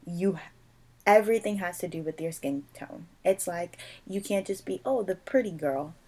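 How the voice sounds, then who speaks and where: A young woman from Puerto Rico talking in a casual podcast chat, animated and emphatic, acting out the people she quotes. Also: fairly low pitch, moderate pace, heavy background noise.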